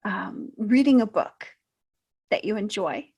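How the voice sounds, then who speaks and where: A woman speaking as a self-help coach in an unscripted talk to camera, reflective and gently encouraging, with frequent pauses. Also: medium pitch, expressive, vocal fry, husky.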